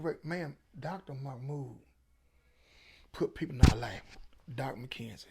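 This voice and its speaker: Middle-aged man, gravelly, husky voice, emphatic preachy storytelling, interview guest. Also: mid-range voice, a little slow, darkish tone. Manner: preachy, emphatic, Southern Black vernacular. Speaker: featured guest.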